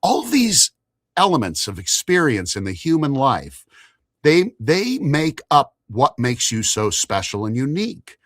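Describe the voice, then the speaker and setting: Man, podcast host, lively pitch, enthusiastic, casual chat, dry close sound. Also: a little slow, no echo. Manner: animated, enthusiastic, swears casually. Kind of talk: casual live-stream interview chat.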